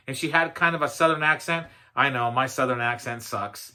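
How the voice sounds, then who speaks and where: A man speaking as a motivational speaker, telling a personal story in a loose, conversational way. His voice is bright and forward, set in a middle pitch, with plenty of "um" and "you know" and a self-deprecating humor. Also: fairly even intonation, normal speed. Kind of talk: storytelling talk.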